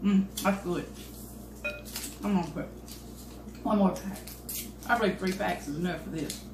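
Pitched on the low side and moderately paced, an older woman speaks against a noisy background. As host of a home cooking channel, she talks folksily with her cameraman while cooking, the echoey kitchen ringing with clattering dishes.

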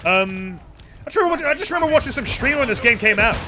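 A man's voice: extremely high pitch, animated, very fast, noisy background. A young man streaming a shooter game, chatting casually with profane, joking banter and offhand rants. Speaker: gaming streamer. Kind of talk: casual live gameplay commentary.

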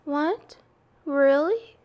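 A woman's voice: big pitch swings, full character voice. Woman doing a panicky young pig. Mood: hopeful. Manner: high, loud, drawn-out cries. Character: frightened young male pig, wailing and pleading. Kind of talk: storybook read-aloud.

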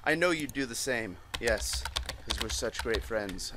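A man's voice: on the low side, normal speed, heavy background noise. A man playing a chat-based video game and commenting as he reads the messages aloud, often swearing and laughing. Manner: animated, swearing, laughing, reading lines in mock voices. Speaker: gaming YouTuber. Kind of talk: let's play commentary, reading chat aloud.

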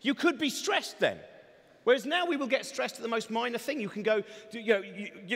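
A man's voice: very high-pitched, brisk, a bit bright. A man doing a comedy talk on stage, rambling energetically with sardonic asides. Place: large event hall. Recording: long reverb of a large hall.

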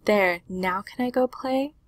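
A woman's voice: medium pitch, measured pace, no echo, lightly acted. A woman voicing a whiny little boy pig. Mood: pleading. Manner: whiny, pleading. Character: neat little boy pig who loves tidying.

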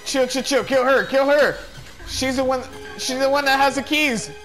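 A man hosting a casual gameplay session, swearing, laughing and shouting in panic. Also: very high-pitched, steady tone, moderate pace, faint music behind, poor audio. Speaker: gaming channel host.

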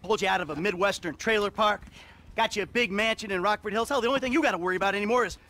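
A man's voice: high voice, racing, bright, forceful tone. An actor playing a bitter, weary middle-aged ex-criminal and father in a video game cutscene, sardonic and profane. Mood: snappish.

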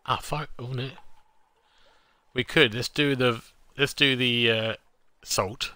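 Bright-voiced man playing a game. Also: medium pitch, fairly even intonation, takes it slowly, dry recording. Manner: self-deprecating, muttering asides. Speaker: let's play host. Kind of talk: gameplay commentary, reading game text aloud.

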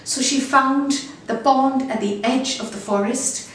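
A woman's voice: high-pitched, slight background noise. Earnest woman narrating in a very echoey room. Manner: earnest, measured storytelling. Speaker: appeal narrator. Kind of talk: storytelling appeal voice-over. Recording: very echoey, distant, with faint music.

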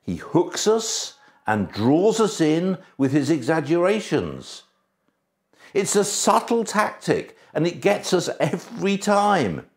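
A man delivers a church sermon with a fairly high, strongly varied voice. He leans into key words, sinking low and quiet before rising again for emphasis. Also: very animated, slow pace. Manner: emphatic, shifts between soft and raised delivery. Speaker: preacher.

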